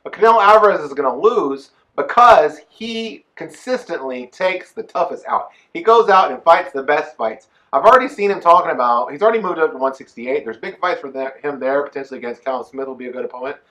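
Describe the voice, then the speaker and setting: A man co-hosting a casual boxing chat show, giving emphatic, animated opinions. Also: fairly high pitch, a little fast, hardly any pauses, low-quality recording. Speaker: co-host. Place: Texas.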